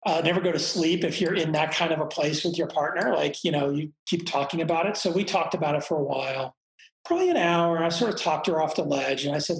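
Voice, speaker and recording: Man, middle-aged, gravelly voice, frank reflective storytelling, echoey room. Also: fairly high pitch, normal speed. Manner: reflective, frank, swears casually. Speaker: guest telling a personal story. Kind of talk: candid storytelling conversation. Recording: roomy echo.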